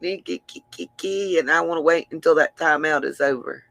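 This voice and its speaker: A woman's voice: sits low, measured pace, gravelly, a bit bright, dry recording. A woman hosting a livestream, chatting affectionately with viewers and laughing often, tired after a long stream. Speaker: livestream host. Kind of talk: casual livestream sign-off chat.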